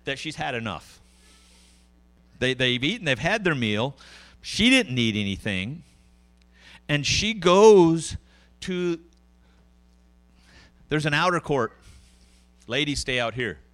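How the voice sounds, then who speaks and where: A middle-aged male pastor preaching in a lively, conversational way, his voice rising and falling a great deal. His tone is bright and forceful, and he sits a little above the usual male pitch. He turns often to the congregation with asides and questions. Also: takes it slowly, pauses often. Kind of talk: sermon.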